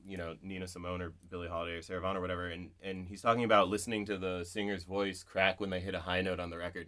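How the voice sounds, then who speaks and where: A man's voice: deep voice, a bit bright. A man, a poet, speaking thoughtfully at a live bookshop event, wandering through his ideas with lots of "like" and "right?". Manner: thoughtful, digressive, full of "like" and "right?". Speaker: poet, interview guest.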